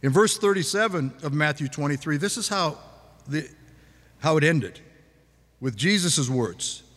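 A man preaching a sermon in a relaxed conversational way, asking the congregation questions. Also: on the high side, unhurried, long reverb tail. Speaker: pastor.

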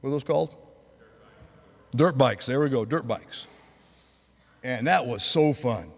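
A man's voice: mid-range voice, lively intonation, a little slow, gravelly. A man in his sixties, preaching a sermon: he rambles through a personal story, then builds to fervent preaching. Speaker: pastor. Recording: long hall reverb.

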